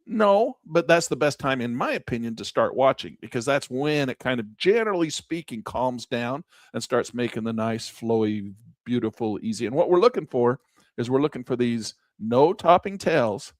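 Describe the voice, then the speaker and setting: A man teaching day trading over a chart in a folksy, excitable way, with a dry close mic. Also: medium pitch, normal speed, no echo. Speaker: trading instructor. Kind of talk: screen-share trading lesson.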